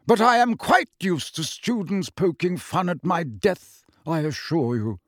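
A man's voice: a little high, expressive, unhurried, creaky, a little mellow, no echo, clean studio sound, pitched above the performer's own voice, full character voice. A man voicing a fussy, easily offended old male ghost nobleman in a storybook reading. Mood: affronted. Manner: prim, reproving, affronted.

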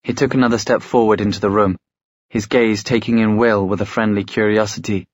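A man narrating a story in a measured, storytelling way. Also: lowish voice, steady tone, no room sound. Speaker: audiobook narrator. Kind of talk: scripted narration.

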